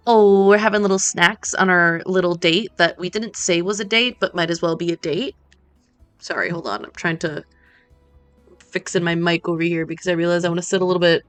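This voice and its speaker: A woman's voice: lowish voice, smooth. A woman streaming a cozy game, chatting playfully with joking asides and casual swearing. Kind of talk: casual gameplay chat.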